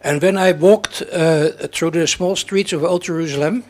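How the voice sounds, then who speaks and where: Audience member, male, rambling and halting, slightly higher voice. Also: fairly even intonation. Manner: halting, rambling, many fillers. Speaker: audience member asking a question. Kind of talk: rambling question from the floor. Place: lecture hall.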